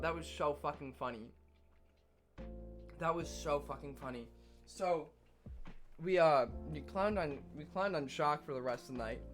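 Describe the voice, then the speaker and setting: A young man streaming, telling a story in casual chat, animated and laughing often, swearing freely. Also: fairly high pitch.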